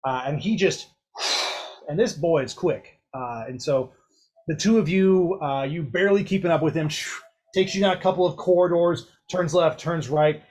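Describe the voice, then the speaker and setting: A man narrating a tabletop game as game master, casual and rushing through rules. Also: a little high, darkish tone.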